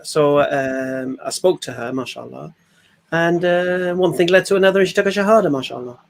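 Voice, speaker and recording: A man's voice: on the high side, moderate pace, vocal fry. A man telling stories animatedly in a casual group chat. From England. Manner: animated storyteller, acts out quoted voices. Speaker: panel guest sharing stories.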